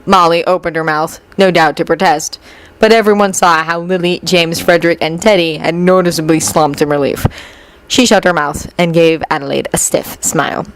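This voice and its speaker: A woman reading fanfiction aloud as an expressive storyteller. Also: on the low side, moderate pace, rough recording. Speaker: fanfiction audiobook reader. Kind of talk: storytelling narration.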